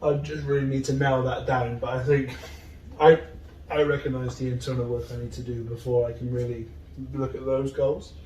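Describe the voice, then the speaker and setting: A man's voice: medium pitch, moderate pace, a little hiss or hum. Earnest man in a roomy, distant recording. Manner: earnest and open, rambling with excitement. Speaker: guest. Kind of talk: casual interview chat.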